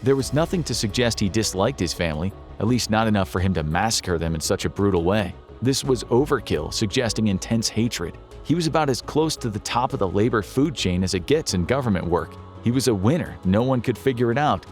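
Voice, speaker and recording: A man reading scripted documentary narration in a measured, even storytelling manner. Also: fairly low pitch, faint music behind.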